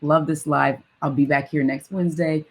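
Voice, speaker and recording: A woman's voice: sits low, steady tone, normal speed, a little mellow, low-quality recording. A middle-aged woman coaching on weight loss in a live stream, talking energetically and firing off rhetorical questions with a frequent "right?".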